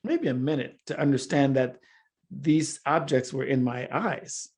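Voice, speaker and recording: A man's voice: mid-range voice, a little slow, husky. Guy on a podcast telling a story, voice swings up and down a lot, keeps laughing as he goes. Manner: animated, laughs often while telling a story. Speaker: podcast guest. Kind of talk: casual interview storytelling.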